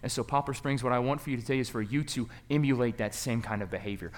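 A young man preaching a sermon, telling a personal story in a conversational way that swings from quiet reflection to loud, excited emphasis. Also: medium pitch, fast talker. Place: church.

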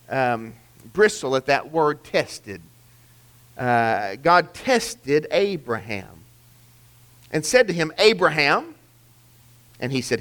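Lively, earnest male preacher. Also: a little high. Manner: earnest, emphatic, with frequent restarts and rhetorical questions. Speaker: pastor. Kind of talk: sermon.

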